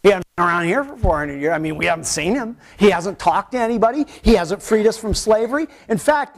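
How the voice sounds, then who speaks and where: A male pastor preaching a Sunday sermon, animated and conversational, acting out the voices of doubters and of God. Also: sits high. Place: church.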